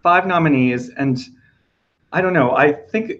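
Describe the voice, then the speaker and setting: A man hosting an awards-prediction chat, hoarse from losing his voice, chatty and loose with filler ums. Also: on the high side, measured pace, muffled recording. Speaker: podcast host.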